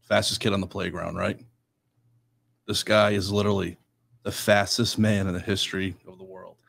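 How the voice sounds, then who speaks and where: A man's voice: deep voice, level tone, moderate pace, vocal fry, a bit bright. A man who is a guest on a casual studio chat, reflective and hesitant.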